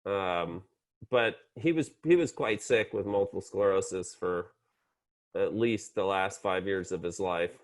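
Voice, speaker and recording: A man in his sixties, a psychiatrist guest chatting in an interview with dry, deadpan humor. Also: sits low, a little slow. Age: 60s. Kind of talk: casual interview conversation.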